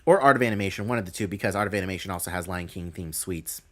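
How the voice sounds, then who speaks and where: A man's voice: deep voice, very fast, fairly bright tone. A man hosting a live stream, reading out announcements and thinking aloud with a rambling, casual manner.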